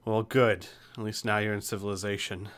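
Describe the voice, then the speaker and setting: A man's voice: lowish voice, flat delivery, a little fast, a bit bright, close to an everyday voice. Man doing a weary, blunt woman guard. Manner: tired, blunt, offhand.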